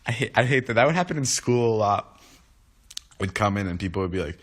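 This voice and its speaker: A young man in his twenties chatting on a livestream right after waking up, his voice sitting a little low. He rambles loosely, restarting sentences and filling gaps with "like" and "um." The talk is relaxed and unscripted, aimed straight at his viewers. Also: a little fast. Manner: rambling, many restarts and fillers. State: just woken up. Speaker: livestream host. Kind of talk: casual livestream chat.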